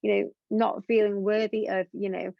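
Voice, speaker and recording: Speaking very openly as an interview guest, this young woman rambles earnestly and leans heavily on fillers. Her mid-range voice is creaky and level in tone, moving at a moderate pace. It's a candid conversation captured in a dull, dry, lo-fi recording.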